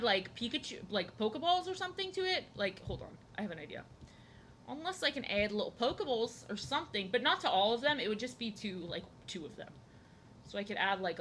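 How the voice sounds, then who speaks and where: A woman's voice: on the high side, pushed and bright, a little hiss or hum. A young woman art streamer chatting casually while she draws, rambling and self-deprecating with lots of fillers and restarts.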